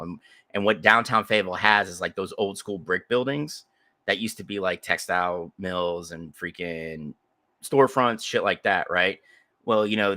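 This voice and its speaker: A man's voice: deep voice, bright, forceful tone, no room sound. A man co-hosting a podcast, telling a rambling, profane story in casual chat on a close mic. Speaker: podcast co-host.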